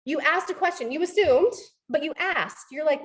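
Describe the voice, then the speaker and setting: A woman's voice: high voice, normal speed. A young adult woman running a live training talk, chatty, filling her speech with "like" and "right?", and acting out sample customer lines. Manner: frequent "like" and "right?" fillers. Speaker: sales team trainer.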